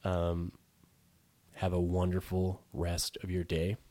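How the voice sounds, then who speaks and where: A man hosting a casual solo podcast, talking with a nasal, stuffed-up voice from a head cold. He rambles and restarts with many fillers, coughs and clears his throat. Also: low voice, completely flat delivery, slow pace. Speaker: yoga podcast host.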